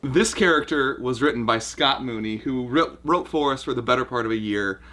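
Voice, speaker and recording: Male host, bright tone, easygoing banter. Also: mid-range voice. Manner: laid-back banter with quick laughs. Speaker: show host and writer. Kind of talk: casual commentary chat.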